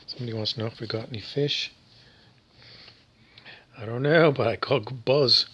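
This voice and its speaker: A man's voice: mid-range voice, normal speed, a bit bright, muffled recording, slight background noise. A man from Canada talking in a meandering, wry vlog monologue, full of fillers and asides. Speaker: vlogger. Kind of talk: rambling monologue.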